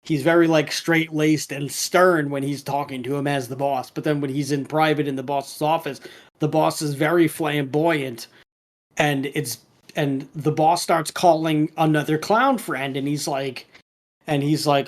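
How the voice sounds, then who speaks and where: A man's voice: fairly high pitch, moderate pace. Rambling man retelling a cartoon plot. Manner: rambling retelling with many restarts and fillers; quotes characters in a lightly acted voice. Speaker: podcast co-host. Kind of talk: casual podcast chat.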